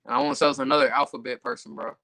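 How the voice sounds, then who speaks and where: A man's voice: a little high, sing-song, very fast, gravelly, sharp tone, slight background noise, rough recording. A man reading scripture aloud, then commenting loosely with lots of fillers and stumbling over hard words. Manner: reads verses, then riffs loosely with many fillers. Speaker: Bible study reader.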